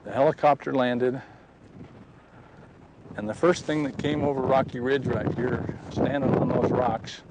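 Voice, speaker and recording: A man's voice: mid-range voice, fairly even intonation, a little slow, pauses often. Guy telling a story outside, folksy, wind on the mic, faint noise behind. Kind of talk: personal testimony told outdoors.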